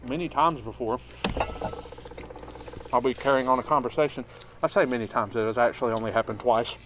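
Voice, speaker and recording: A man's voice: mid-range voice, fairly quick, a bit bright, faint music behind. Laid-back young man podcaster. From Birmingham, Alabama. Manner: joking, laid-back storytelling. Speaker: podcast co-host. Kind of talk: casual chat.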